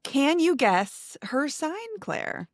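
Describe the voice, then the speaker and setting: Woman podcast host, bubbly and chatty, lively pitch, dry close sound. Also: slow pace, dry recording. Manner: bubbly, chatty, many fillers. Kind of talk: casual chat.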